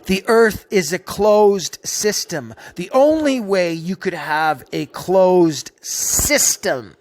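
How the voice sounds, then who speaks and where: Slow, furious, profane ranting man. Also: sits high, sing-song, fairly bright tone. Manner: profane, contemptuous, slow and emphatic. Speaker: video narrator. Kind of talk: angry ranting commentary.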